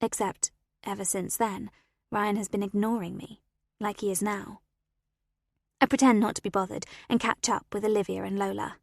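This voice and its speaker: A woman narrating a first-person story as an audiobook reader, expressive and animated, on a close studio mic. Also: medium pitch, normal speed, vocal fry, no room sound.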